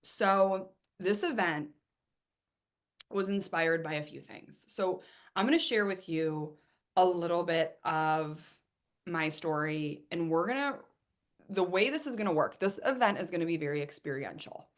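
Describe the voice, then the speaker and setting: Chatty, low-pitched woman hosting a webinar. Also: unhurried. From Ohio, USA. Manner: enthusiastic, repetitive, chatty. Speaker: webinar host and coach. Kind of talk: live webinar talk.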